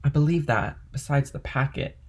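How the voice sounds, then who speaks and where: A man voicing a scheming, envious male ship's clerk in an audiobook reading, with a husky voice. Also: mid-range voice, moderate pace, close to an everyday voice. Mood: sly.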